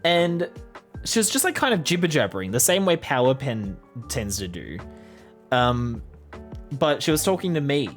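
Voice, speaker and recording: A woman's voice: a bass voice, very animated, normal speed, soft background music. A young adult woman casually telling a rambling personal story to her vlog audience. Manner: chatty, rambling with fillers. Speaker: vlogger.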